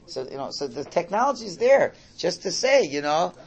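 A man with a somewhat raised pitch teaches a religious class. His delivery is animated and swings from loud exclamations to quiet, low asides. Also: normal speed, gravelly, husky. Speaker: Torah teacher.

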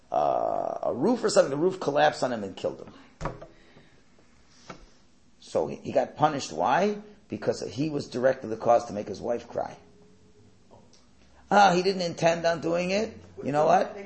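A man's voice: mid-range voice, vocal fry. A man teaching a Torah class, telling stories and asking rhetorical questions that he answers himself. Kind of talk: lecture with storytelling.

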